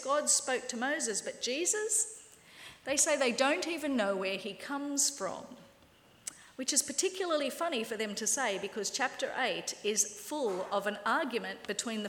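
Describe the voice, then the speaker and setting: A woman delivers a lively sermon with a wry, playful edge, slipping into quoted voices. Her voice sits a little high. It echoes around a large hall with a long reverb tail. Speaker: preacher.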